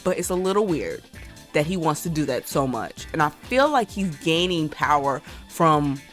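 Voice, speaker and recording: Low-voiced woman rambling game theories. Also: sing-song, moderate pace, soft background music. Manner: rambling, hedging, lots of "like" and "I feel like". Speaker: gaming YouTuber. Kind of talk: casual game lore theorizing.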